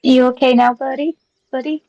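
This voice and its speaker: A woman's voice: sits high, steady tone, moderate pace, dark tone, dry recording, highs cut off, natural voice. A woman as an eager, hungry rabbitfolk paladin. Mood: warm. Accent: British. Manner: upbeat, eager.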